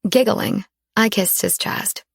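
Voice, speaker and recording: A woman narrating a first-person romance audiobook in a soft, intimate storytelling manner. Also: medium pitch, takes it slowly, gravelly, slightly rough, dry recording, clean studio sound.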